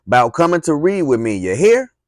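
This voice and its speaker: A man's voice: on the low side, unhurried, no room sound, studio quality, lightly acted. A man voicing an older Southern woman, kindly but firm, with a Southern US accent, drawling as he reads from a book. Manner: drawling, read aloud from a book with expression.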